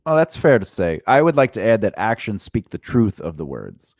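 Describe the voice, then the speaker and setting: A man's voice: lowish voice, very animated, moderate pace, a little mellow, no room sound, clean studio sound. A man co-hosting a casual podcast, questioning and teasing his guest and stopping to restart his thoughts. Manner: probing, teasing, with frequent laughter; restarts and trails off into mumbles. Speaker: podcast co-host. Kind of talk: casual conversation.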